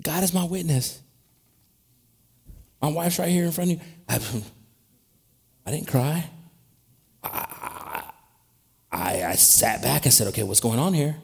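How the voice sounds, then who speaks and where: A man delivering a sermon in a church, his voice sitting somewhat high for a man. He moves from low, confiding talk to loud, emphatic bursts, and laughs as he goes. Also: a little slow, gravelly, pauses often, breathy edge. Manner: swings from quiet, conversational asides to loud, emphatic shouting; animated, with laughter and restarts. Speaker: preacher.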